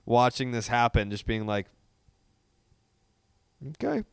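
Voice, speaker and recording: Low, smooth-voiced laid-back man. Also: measured pace, dry recording, studio quality. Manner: laid-back, wry, swears casually. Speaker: podcast co-host. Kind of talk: casual chat.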